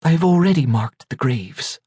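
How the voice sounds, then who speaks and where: A man's voice: medium pitch, expressive, moderate pace, mellow, breathy edge, no echo, clean studio sound, pitched above the performer's own voice. A man voicing a grieving young mother who must give up her baby sons, speaking in a choked, pleading, tearful way. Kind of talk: audiobook character voice.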